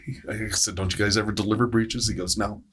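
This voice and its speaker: A man who works as a paramedic, telling a story on a podcast panel in a casual, animated way, acting out the voices he quotes. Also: fairly low pitch, quick pace, a loud crowd. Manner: animated storyteller, acts out quoted voices, laughs between lines.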